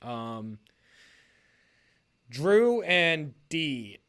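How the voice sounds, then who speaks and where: A man's voice: fairly high pitch, very animated, extremely slow, fairly bright tone. A man casually talking through league matchups on a podcast. He rambles, corrects himself mid-sentence and laughs often.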